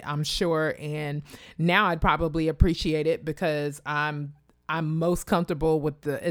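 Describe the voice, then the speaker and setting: A woman from Kansas telling a personal story in a casual, animated way, acting out other people's voices. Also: no room sound, studio quality. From Wichita, Kansas, USA. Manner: animated, acts out quoted voices in a high pitch; addresses listeners directly and casually.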